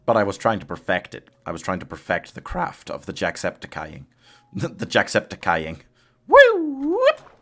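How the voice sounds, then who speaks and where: A British man with a low, fairly bright voice speaks at a moderate pace over soft background music. He's live-streaming a game, chatting casually with his viewers, laughing often, and coaxing his companion along.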